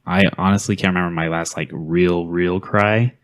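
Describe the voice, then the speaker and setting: A man with a very deep voice, chatting as a podcast guest. He speaks earnestly and reflectively. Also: fairly even intonation, moderate pace. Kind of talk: casual chat.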